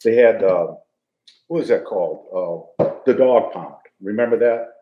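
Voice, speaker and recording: A man's voice: lowish voice, a little slow, highs cut off. Joking older man, echoey room. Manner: jokey, laughing storyteller. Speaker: guest, retired football player. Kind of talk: casual storytelling.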